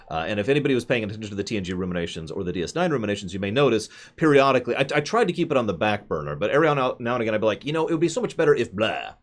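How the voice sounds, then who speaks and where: A man hosting a casual chat over a video call, rambling and joking at his own expense. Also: fairly low pitch. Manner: rambling, jokey, self-deprecating. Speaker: host.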